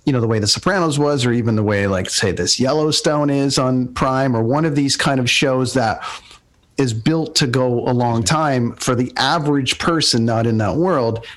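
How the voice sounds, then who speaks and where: A man taking part as a guest in a casual pop-culture podcast chat. He speaks thoughtfully, drawing out his questions at a measured pace. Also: mid-range voice.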